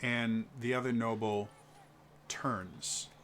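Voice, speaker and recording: A man's voice: mid-range voice, level tone, slow, fairly bright tone, slight background noise. A man narrating as game master of a tabletop game, hesitant and full of fillers.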